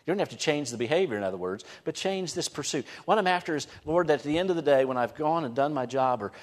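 A man preaching a sermon as a pastor, moving between hushed, quiet passages and emphatic, raised lines. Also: fairly high pitch, lively intonation, fast. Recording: long reverb of a large hall.

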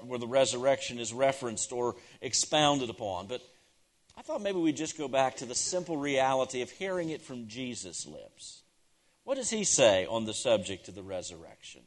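Preaching in a medium pitch, the pastor repeats key phrases for emphasis. His delivery moves from forceful, loud proclamations down to quiet, near-whispered moments.

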